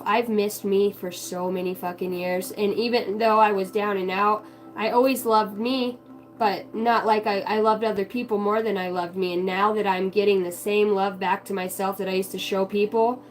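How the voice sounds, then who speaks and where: A woman's voice: medium pitch, low-quality recording. A woman giving a casual, heartfelt spiritual monologue, candid and swearing freely. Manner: acts out quoted voices in her stories. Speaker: spiritual vlogger.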